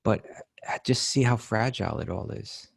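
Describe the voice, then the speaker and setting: A man's voice: on the low side, moderate pace, creaky, slightly rough, no echo. A man co-hosting a podcast, talking in a hesitant, reflective way with many fillers. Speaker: podcast co-host. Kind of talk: casual chat.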